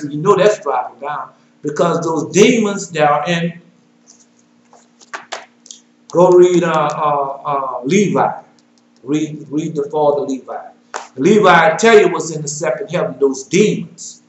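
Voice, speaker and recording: A man with a Southern American accent giving an informal Bible teaching. He reads scripture aloud in a louder, slower voice and drops to quiet, mumbled asides in between. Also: fairly high pitch. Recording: roomy echo.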